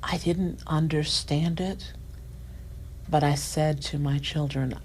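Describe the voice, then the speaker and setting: A middle-aged woman with a low voice tells a personal story as a podcast guest. She speaks softly and lets her voice fall to almost a whisper at tender points. A faint hiss sits under the recording. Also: fairly even intonation, very slow, pauses often, rough recording. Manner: soft-spoken, drops to near-whispers at tender moments.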